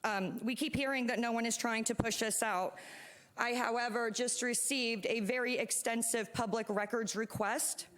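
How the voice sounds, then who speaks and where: A woman's voice: a little high, steady tone, moderate pace, fairly bright tone. Earnest woman holding back tears. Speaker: parent and youth soccer club staff speaking at public comment. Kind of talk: emotional public comment. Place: city commission meeting chamber.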